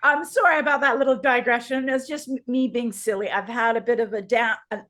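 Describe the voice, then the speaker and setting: A woman's voice: a little high, steady tone, brisk, fairly bright tone. A woman whose first language is French, co-hosting a podcast in chatty, rambling, upbeat casual talk over a video call. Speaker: podcast co-host. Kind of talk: casual chat.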